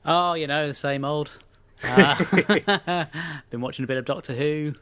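A man's voice: fairly high pitch, unhurried, a bit bright. A man co-hosting a podcast who drops in brief, teasing remarks. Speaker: podcast co-host. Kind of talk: casual podcast chat.

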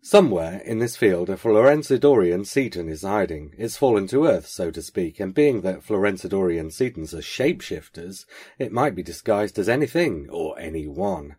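A man reading aloud, putting on an eccentric, posh male stranger who rattles off rapid, clipped questions and answers them himself. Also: deep voice, lively intonation, a little mellow, slightly rough. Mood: brisk.

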